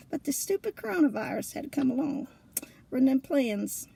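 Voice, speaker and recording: A woman telling a funny personal story in a lively, colloquial way, laughing often between lines. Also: high voice, unhurried, gravelly, slight background noise. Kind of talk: casual spoken storytelling.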